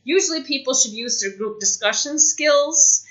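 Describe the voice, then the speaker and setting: A woman giving a casual spoken English lesson, chatty, saying example phrases slowly. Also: sits high, expressive, a bit bright, low-quality recording. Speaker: English teacher.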